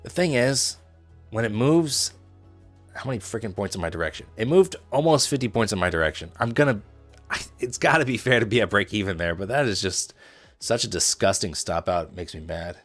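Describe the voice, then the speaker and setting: Brief: easygoing Midwestern man, lower register, joking livestream host. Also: expressive, brisk, a bit bright, soft background music. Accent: neutral Midwestern. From Indianapolis, US Midwest. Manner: chatty, joking with chat, playful asides. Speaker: trading livestreamer. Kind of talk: casual livestream commentary.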